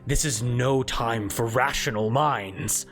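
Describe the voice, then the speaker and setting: A wrathful zealot cleric, as a game master puts him on, booming and commanding. His bright, forceful voice climbs high when he rages. Soft music plays behind him. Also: slow. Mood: stern. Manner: booming, shouted fury turning stern and grave. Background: soft background music.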